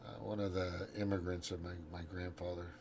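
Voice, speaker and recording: A man hosting his own show delivers a casual, profane political rant in a low, gravelly voice, brisk and flat, against a noisy background. Scrolling and reading out his posts, he rambles, restarts often, and trails off.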